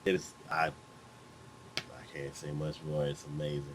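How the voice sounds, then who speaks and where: A man's voice: very deep voice, moderate pace, slightly rough. A man co-hosting a casual chat, retelling scenes with acted-out lines and sound effects. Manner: animated storytelling, acts out scenes with sound effects. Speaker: co-host.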